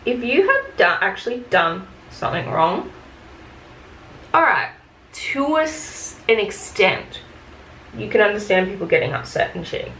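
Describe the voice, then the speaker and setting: A woman's voice: medium pitch, sing-song, normal speed, a bit bright. A woman telling retail work stories in a casual rant, frank and chatty, with plenty of fillers and swearing. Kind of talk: casual get-ready-with-me rant. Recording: echoey room with faint ambience.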